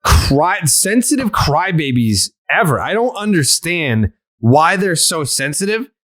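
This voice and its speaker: A high-voiced man hosting a casual sports podcast. He rants with plenty of profanity and animated energy. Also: a little slow. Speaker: podcast host.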